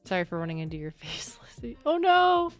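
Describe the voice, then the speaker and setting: A young woman streaming, chatting casually with her viewers while she plays, bubbly and quick to laugh. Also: medium pitch, sing-song, faint music behind. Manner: bubbly, laughs often, talks back to chat. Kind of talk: casual livestream chat while gaming.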